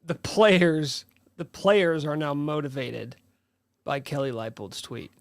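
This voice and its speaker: A man with a fairly high voice teasing his co-hosts on a sports podcast, riffing loosely on a bit. The sound is close and dry, with no room echo. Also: lively intonation, a little slow. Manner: teasing, fond of mock impressions. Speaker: podcast co-host. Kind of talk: casual sports chat.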